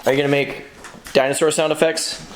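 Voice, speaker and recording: A man's voice: a little high, level tone, fairly quick, noisy background. A father filming a family vlog, talking to his young sons in a playful, affectionate, encouraging way. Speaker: father and vlogger. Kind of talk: casual family vlog chat.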